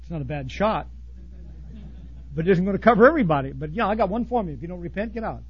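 A man preaching a blunt, folksy sermon to ministers, swinging from loud outbursts to hushed asides. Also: sits high, expressive, quick pace, breathy edge, muffled recording. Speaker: pastor.

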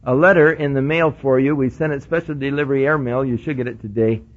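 A man preaching a sermon, telling a personal story and acting out the dialogue, dropping to quiet murmurs and rising to excited bursts. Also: medium pitch, quick pace, highs cut off. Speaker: pastor.

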